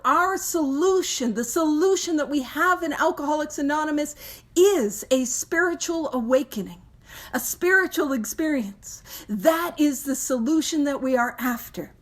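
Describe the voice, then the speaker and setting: A woman hosting a recovery book study, talking in a chatty, self-mocking way and laughing often. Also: high-pitched. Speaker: podcast host leading a recovery book study. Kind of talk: casual recovery talk.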